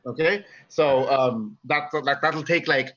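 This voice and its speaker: A man acting as game master of a tabletop game, talking in a halting way with many fillers and restarts. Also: mid-range voice, fairly bright tone, dull audio.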